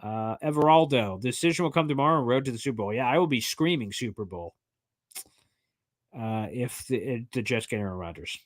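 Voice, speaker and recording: Man, sports stream host, excitable, jokey, mid-range voice, dry close sound. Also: mid-range voice, no room sound. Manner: excitable, jokey, fast-talking with many fillers. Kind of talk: casual live chat reading fan questions.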